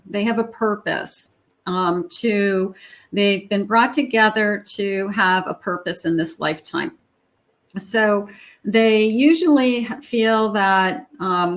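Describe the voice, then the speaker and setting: A woman giving a tarot reading in a chatty, conversational way, with frequent fillers and restarts. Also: mid-range voice. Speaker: tarot reader.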